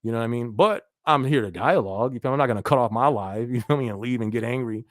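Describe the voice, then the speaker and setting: Male live-stream host, casual and loose, mid-pitched voice, close dry mic. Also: quick pace, no room sound. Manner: laid-back, laughs often, frequent fillers like "you feel me". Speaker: livestream podcast host. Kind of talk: casual live-stream chat reading viewer comments.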